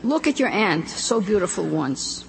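A man's voice: high-pitched, very animated, unhurried, gravelly, full character voice. A woman reading as a fussy old immigrant father. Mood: lecturing. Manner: earnest, insistent advice-giving. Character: aging immigrant father, fussy, tender, lecturing. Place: live reading in a hall. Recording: echoey hall, faint hum.

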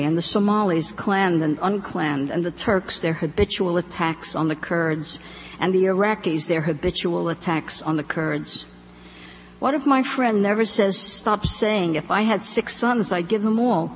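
A woman reads her own poems and stories before a live audience in a measured, deliberate voice with a gravelly edge. The sound carries a long hall echo with a faint hum behind it. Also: on the low side. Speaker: author reading her work. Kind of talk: live poetry and story reading.

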